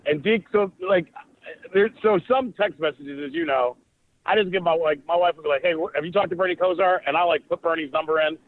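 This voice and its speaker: Male co-host, rambling and jokey, fairly high voice, narrow phone-like sound. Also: brisk. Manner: rambling, conversational, jokey asides. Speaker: podcast co-host. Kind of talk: casual chat. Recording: dry, tinny phone-like line.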